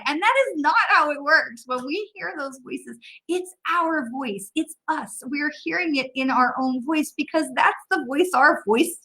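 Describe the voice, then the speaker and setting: Upbeat chatty woman, fairly high voice. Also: low-quality recording. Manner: warm, encouraging, chatty with filler pauses. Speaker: psychic medium. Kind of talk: casual live stream talk and Q&A.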